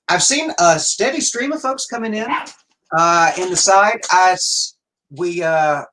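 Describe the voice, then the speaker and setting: A man's voice: fairly high pitch, fairly bright tone. A man hosting a livestream talk show, greeting viewers in the chat. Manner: friendly, greets chat by name. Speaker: host.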